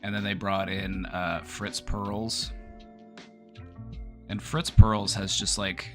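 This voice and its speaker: A middle-aged man with a low-pitched voice talks casually as a host. He rambles, thinks aloud and restarts sentences, and light music plays underneath. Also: little pitch movement, takes it slowly. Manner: chatty, rambling, frequent restarts. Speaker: mental health video host. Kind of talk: casual commentary.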